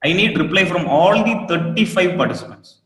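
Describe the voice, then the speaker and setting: A man with an Indian English accent teaching a live online trading class, repeating each point and asking students for a quick yes. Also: sits high, fairly bright tone. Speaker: trading course instructor. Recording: roomy echo with long reverb.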